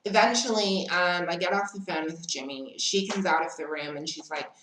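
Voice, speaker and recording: Female storytime vlogger, low-ish voice, slow and dramatic, echoey room. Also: fairly bright tone. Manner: chatty and dramatic, often calls the listener "girl". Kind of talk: casual storytime chat.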